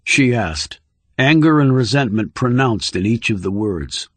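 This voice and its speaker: A man narrating a thriller audiobook in a measured, steady storytelling voice on a close studio microphone. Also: medium pitch, husky, no room sound.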